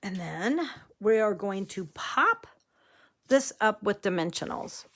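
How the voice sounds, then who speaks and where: A woman talking through a card-making tutorial, easygoing and chatty. Her voice sits at an ordinary middle pitch. She drifts into rambling family stories and laughs easily along the way. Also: lively intonation, slow pace, fairly bright tone. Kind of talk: casual crafting tutorial chat.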